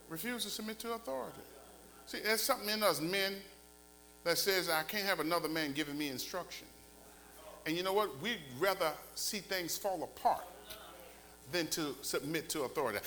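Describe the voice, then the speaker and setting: A middle-aged man, a pastor, preaching a sermon in a church with lively, colloquial delivery that climbs to near-shouts. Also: high voice, moderate pace, rough recording. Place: church sanctuary. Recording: faint mains hum.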